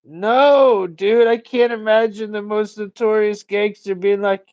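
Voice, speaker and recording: A man chatting on a livestream in a loose, rambling way, cursing freely and ranting off the top of his head. His voice sits high for a man, and the sound is very dry and close. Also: steady tone, measured pace, a little mellow, no echo, muffled recording. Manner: rambling, profane, ranting storyteller. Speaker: livestream host. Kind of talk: casual livestream chat.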